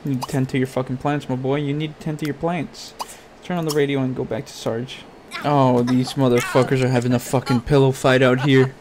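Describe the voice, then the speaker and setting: A man's voice: mid-range voice, flat delivery, a little fast, noisy background. A man giving crude, profane Let's Play commentary, ranting at and scolding his game character. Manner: swears constantly, talks to his game character. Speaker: gaming YouTuber.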